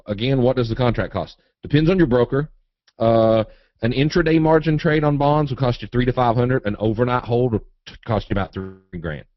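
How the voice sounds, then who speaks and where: A man's voice: mid-range voice, no room sound. A man from Eastern Kentucky with a Southern accent, teaching a live trading webinar in a folksy, joking way, reading out viewer questions and answering them. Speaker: trading educator. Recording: dry, muffled webinar audio.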